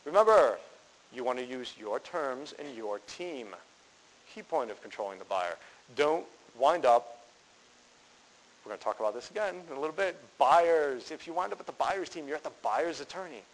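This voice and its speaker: A man's voice: mid-range voice, lively intonation, moderate pace, rough recording. A man teaching real estate wholesaling at a live seminar, emphatic, firing rhetorical questions at the room and answering them himself.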